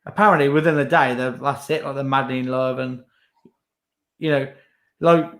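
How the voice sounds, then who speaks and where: A man's voice: mid-range voice, steady tone, normal speed, a bit bright. A young man, chatting casually as co-host with lots of fillers. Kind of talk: casual chat.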